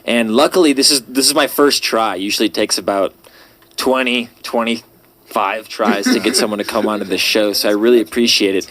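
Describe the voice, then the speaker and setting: A young male student radio host with a slightly low voice. He runs a casual on-air interview, stopping often to hunt for words. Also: a little fast, fairly bright tone. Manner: hesitant, many filler words.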